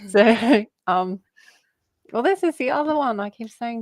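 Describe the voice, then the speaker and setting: A woman's voice: a little high, animated, slow pace, pauses often, no room sound. A woman talking casually about spirituality, rambling and laughing often as she jumps between word associations. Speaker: guest.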